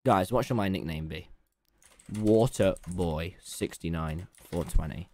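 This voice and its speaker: A man's voice: deep voice, measured pace. A young man casually telling a story on a livestream, jumping into voices for the people in it. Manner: animated, mimics others with voice jumps.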